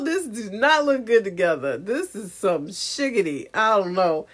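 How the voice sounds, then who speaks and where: A woman's voice: medium pitch, expressive, measured pace, hardly any pauses. Giggly woman chatting to camera. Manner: giggly, self-mocking, lots of laughter. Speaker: content creator. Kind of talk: casual chat to camera. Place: home setup with ring light.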